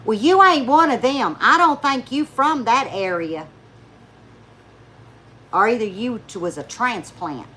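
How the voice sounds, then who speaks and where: A woman's voice: fairly high pitch, expressive, a little slow, pauses often, bright, forceful tone, a little hiss or hum. A woman telling folksy stories to her viewers in a chatty way, laughing often and acting out the people she talks about. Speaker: YouTube vlogger. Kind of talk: casual storytelling chat to viewers.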